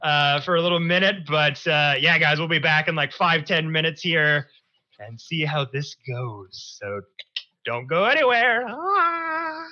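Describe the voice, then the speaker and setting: A man's voice: a little high, measured pace, pushed and bright, dull audio. A man running a tabletop game as game master, narrating in a casual style with plenty of fillers.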